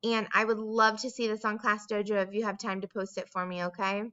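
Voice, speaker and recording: A woman teacher giving a recorded dictation lesson to young children, speaking in a slow, sing-song way and stretching out word sounds. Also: mid-range voice, little pitch movement, bright, forceful tone, dull audio.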